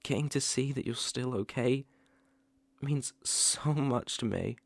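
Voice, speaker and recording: A young man with a British accent playing a remorseful ex-boyfriend in a whispered role-play, speaking hesitantly with soft laughs. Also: mid-range voice, takes it slowly, creaky, dry recording. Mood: tender. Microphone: close mic, ASMR.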